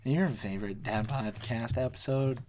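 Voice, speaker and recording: A man's voice: medium pitch, normal speed. A man hosting a podcast with friends, joking and laughing as he talks. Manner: animated, laughs often, tells jokes. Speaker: podcast host. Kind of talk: casual podcast banter.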